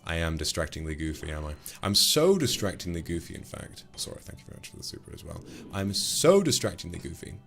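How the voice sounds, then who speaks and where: Playful man, low voice. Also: very animated, fast talker, vocal fry, hardly any pauses, fairly bright tone. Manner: playful, flirty, teasing. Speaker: streamer. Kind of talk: casual livestream chat, thanking donors.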